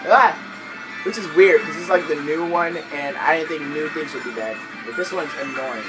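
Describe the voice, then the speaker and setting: A man hosting a casual co-op gameplay commentary, excitable and swearing a lot, yelping and laughing at mishaps. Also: a little high, normal speed, poor audio. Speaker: gaming channel host. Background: loud game music.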